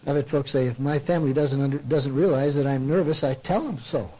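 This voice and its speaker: An older man, a Christian speaker and counselor, delivers a conversational sermon, posing rhetorical questions and acting out the objections his listeners might raise. His voice is medium in pitch and dark in tone, and he talks fairly quickly. The recording quality is low.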